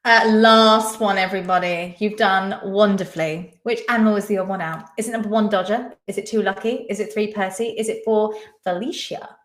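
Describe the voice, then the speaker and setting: A woman's voice: mid-range voice, fairly even intonation, brisk. A woman hosting a live-stream quiz, chatting casually and reading out viewers' names and answers. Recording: echoey room.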